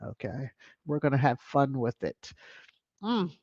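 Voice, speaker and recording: A chatty live stream host reads viewer comments aloud and laughs often, in an animated way. The audio is dull and lo-fi with a dry, close sound and no room echo. The voice sits at a middle pitch. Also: a little slow.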